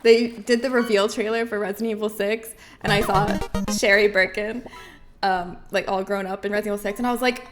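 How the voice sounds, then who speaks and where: A woman streamer chatting casually with her live chat, bubbly and quick to laugh. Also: mid-range voice, steady tone, over music.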